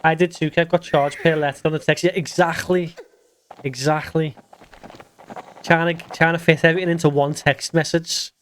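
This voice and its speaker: A man's voice: fairly high pitch, level tone, normal speed, slight background noise. A man streaming a game, chatting casually and bluntly with swearing as he reads out viewer messages. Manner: blunt, swearing, reads chat aloud, chuckles often. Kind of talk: casual livestream chat while gaming.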